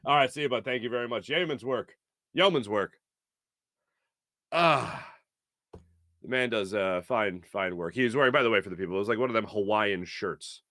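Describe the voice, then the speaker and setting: A man's voice: fairly low pitch, fairly quick, pushed and bright, no room sound, studio quality. A man hosting a sports talk show, chatting casually and playfully, laughing often.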